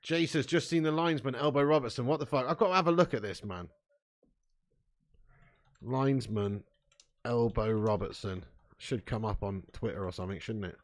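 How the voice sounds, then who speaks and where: A man's voice: medium pitch, expressive, quick pace, hardly any pauses. A man hosting a live football watch-along. He reads chat comments aloud and talks in a casual, sweary way. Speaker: fan channel host.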